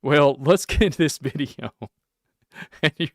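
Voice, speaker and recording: A man's voice: a little high, measured pace, no echo, clean studio sound. A man hosting a one-man reaction podcast, rambling in a folksy way and laughing often. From Kentucky. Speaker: podcast host. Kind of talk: reaction podcast, casual chat.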